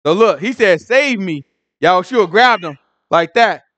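Animated high-voiced man teaching scripture. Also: normal speed. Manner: animated storytelling, acting out the scene in voices. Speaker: Bible study teacher. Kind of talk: casual Bible study teaching.

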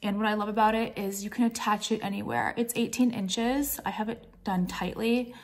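A woman's voice: medium pitch, fairly even intonation, moderate pace. A woman talks straight to her viewers at home in a loose, rambling way, stringing thoughts together with plenty of "like" and "um" and dropping casual swear words. She sounds out of breath and a little worn down from feeling sick, with a mid-range voice. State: out of breath and nauseous. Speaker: jewelry brand owner and vlogger. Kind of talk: casual vlog chat.

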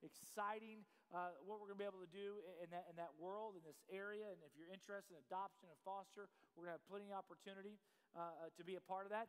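A man preaching a sermon as pastor, asking the congregation questions and building to shouts. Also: high-pitched, steady tone, quick pace, in a large hall, a little hiss or hum. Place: church sanctuary.

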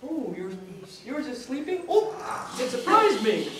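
A woman putting on a chirpy, easily startled puppet who gasps and exclaims in a high, slow, swooping voice. It sounds far from the mic in an echoey exhibit room, with a crowd chattering behind. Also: sing-song, very noisy. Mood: gentle.

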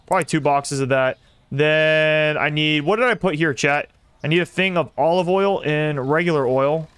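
A young man streaming a simulator game, commenting excitedly and talking to his chat as he plays. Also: on the high side, moderate pace, clear, resonant tone, no room sound. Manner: excitable, talks to chat while playing. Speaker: gaming streamer. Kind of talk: live gameplay commentary.

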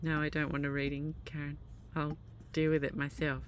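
A woman's voice: low voice, level tone, normal speed, noisy background. A woman hosting her own spiritual vlog outdoors, chatty and self-amused, at times tearful and emotional. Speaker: channel host. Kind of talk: spiritual vlog, talking to camera. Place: outdoors, driving around hills.

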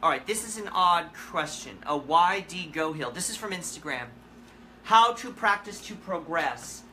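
A woman hosting a live comic question-and-answer session in character, telling absurd stories in a deadpan, rambling way with halting restarts. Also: fairly low pitch, a little hiss or hum. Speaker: comedic musician persona hosting a live Q&A. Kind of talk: rambling comic livestream chat.

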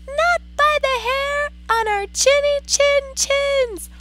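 A teacher voicing nervous little pigs in a squeaky storybook delivery. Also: female voice, slow.

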